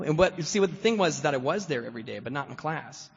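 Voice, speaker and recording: A man's voice: fairly high pitch, animated, fast, a bit bright, husky. A man giving a personal recovery talk as guest speaker at a meeting, rambling with constant fillers and frequent chuckles. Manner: rambling, full of "you know" fillers, chuckles often. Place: meeting hall. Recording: echoey hall, dull lo-fi sound.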